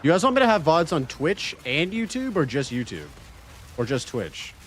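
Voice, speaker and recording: A man's voice: a little high, big pitch swings, moderate pace, fairly bright tone, slight background noise. A man from Canada streaming a game, chatting casually with his viewers and swearing freely. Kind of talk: casual livestream chat.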